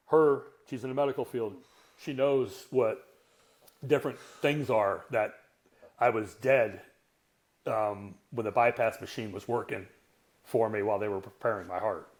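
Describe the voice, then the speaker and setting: His medium-pitched voice a little mellow, a sixties-aged strength coach recounts a personal story on a podcast. It's candid, conversational storytelling, blunt and profane, laced with earthy self-mockery.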